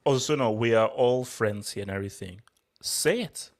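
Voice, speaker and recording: A man co-hosting a casual football podcast, ranting loudly and excitably, repeating himself. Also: fairly low pitch, quick pace. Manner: loud, excitable, repetitive ranting. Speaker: podcast co-host. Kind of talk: heated casual football chat.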